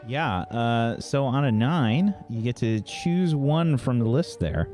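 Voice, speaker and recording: Man running a tabletop game, very animated pitch, relaxed and halting, faint music behind. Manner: relaxed, hesitant, with fillers. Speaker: game master.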